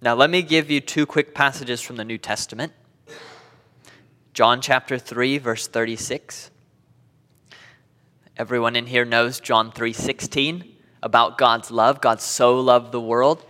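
Animated male Bible teacher in a hall. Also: medium pitch, a little slow, long pauses. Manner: animated, quoting scripture with dramatic emphasis and small laughs. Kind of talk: Bible class lesson. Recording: long reverb of a hall.

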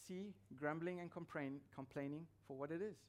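A man's voice: fairly high pitch, normal speed. A man preaching a sermon as pastor, emphatic and repeating his key phrases for weight.

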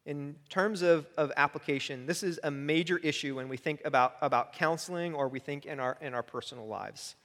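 A man preaching in a church sanctuary, his fairly high, bright voice carrying with a long hall reverb. He talks in an earnest, conversational way and keeps checking in with his listeners. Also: fairly quick, hardly any pauses. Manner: earnest, conversational preaching with frequent "right?" asides. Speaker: pastor. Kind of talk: sermon.

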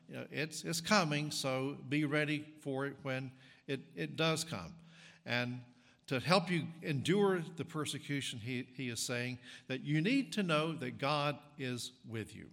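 A man preaching a sermon as pastor, talking in a conversational, halting way with frequent restarts and fillers. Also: mid-range voice, creaky, a bit bright, big-room sound. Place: church sanctuary.

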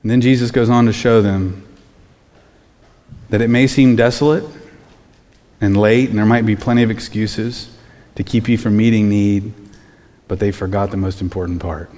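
A man's voice: lowish voice, steady tone, normal speed, long pauses, warm tone, big-room sound. A man preaching a sermon as pastor, in a conversational way full of rhetorical questions.

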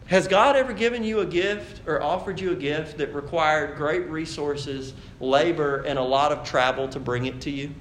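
A man preaches a sermon in an easy, conversational way and rises to loud, animated emphasis. His voice sits a little high and rings through an echoey church hall. A faint hum of room noise sits behind him. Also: normal speed, few pauses. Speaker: pastor.

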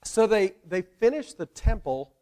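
A male pastor preaching in an animated, conversational way, playfully involving the congregation. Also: sits high, unhurried, smooth. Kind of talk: sermon.

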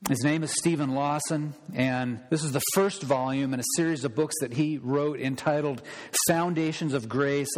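A male pastor preaching a sermon in an emphatic style, repeating words as he stresses a point. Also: medium pitch. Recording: long reverb of a large hall.

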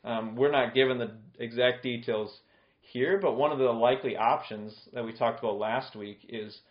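A man's voice: mid-range voice, steady tone, normal speed. A male pastor giving an expository sermon in a conversational way, explaining scripture with plain everyday examples. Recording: echoey room, dull lo-fi sound.

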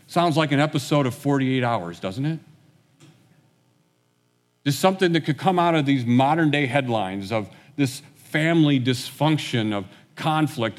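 A man's voice: mid-range voice, normal speed. Conversational male preacher in a reverberant hall. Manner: conversational storytelling, acting out quotes. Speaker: pastor. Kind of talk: sermon.

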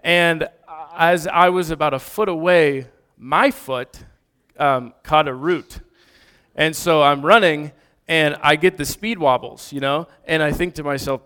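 A man in his thirties preaching, telling a personal story in a lively way with sudden loud bursts. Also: on the high side, normal speed, clear, resonant tone. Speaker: pastor. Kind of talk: storytelling sermon.

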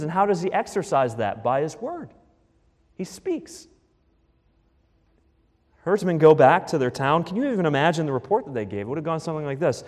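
A male pastor preaches a sermon in a fairly high voice, emphatic and punchy. He is in a church, and the hall gives his voice a long reverb. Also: darkish tone.

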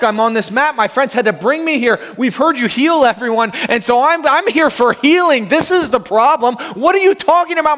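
A man's voice: very high-pitched, a bit bright, pitched above the performer's own voice, full character voice. A man voicing an exasperated paralyzed man on a mat, protesting in disbelief. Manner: incredulous, protesting. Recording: long hall reverb.

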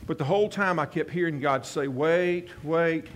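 A man's voice: fairly high pitch, fast talker, a little hiss or hum. A man preaching a sermon as a pastor, telling a personal story earnestly and often restarting his phrases. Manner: earnest, repeats and restarts phrases, voices quoted prayers softly.

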